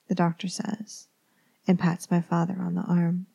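Gravelly, mellow woman reading a horror tale. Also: on the low side. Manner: calm, measured, dropping into whispers. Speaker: storyteller. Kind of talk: first-person horror story reading.

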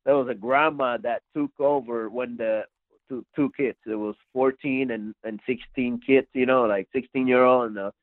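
A man's voice: mid-range voice, fairly even intonation, moderate pace, dry recording. A man as a podcast guest, telling a story casually, rambling and repeating his words. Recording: dry tinny phone-like line.

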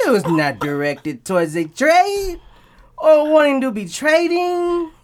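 A slick male sports agent, as a woman puts him on, waving away every rumor like a prepared press statement. The put-on accent drifts from line to line over a fairly high voice. It is improvised podcast banter rather than polished acting. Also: very animated, unhurried, a little hiss or hum. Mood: smooth denial. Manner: spin-doctor press statement, accent keeps changing. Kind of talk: improvised impression.

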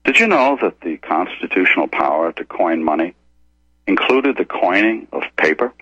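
A man's voice: deep voice, animated, moderate pace, sharp tone, no echo. An older man hosting a radio program, giving an emphatic, lecturing monologue with frequent asides like "okay?", on a dull, muffled radio recording. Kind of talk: opinionated monologue on economics.

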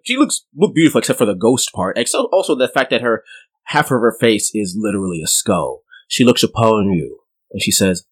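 A man's voice: lowish voice, very animated, breathy edge, poor audio. Easygoing man running a tabletop game. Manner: casual, halting, chuckling. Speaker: game master.

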